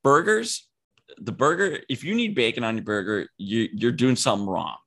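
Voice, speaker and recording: A man's voice: mid-range voice, lively intonation, normal speed, a bit bright, breathy edge. A young man co-hosting a podcast, chatting casually and giving blunt, rambling opinions. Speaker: podcast co-host. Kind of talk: casual chat.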